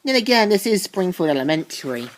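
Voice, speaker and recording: A woman's voice: fairly low pitch, sing-song, fast talker. A woman reviewing a comic, retelling the story in a chatty, rambling way. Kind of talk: casual comic recap.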